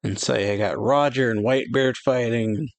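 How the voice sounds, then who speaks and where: Gravelly man reading through a chapter. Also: mid-range voice, fairly even intonation, moderate pace, no room sound. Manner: reads quoted lines aloud with a lift, hesitant fillers. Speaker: reaction channel host. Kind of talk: casual manga chapter read-through.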